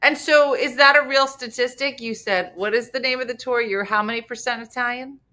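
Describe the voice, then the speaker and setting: A middle-aged woman, host of a podcast, telling a family story in lively casual chat. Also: a little high, a little fast. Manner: lively storytelling, acts out quotes.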